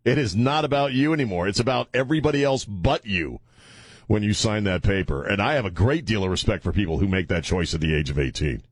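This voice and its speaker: A man's voice: on the low side, animated, quick pace, slightly rough, no echo. A man hosting a talk radio show, blunt and mocking, with a rambling delivery full of fillers. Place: radio studio. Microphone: studio microphone.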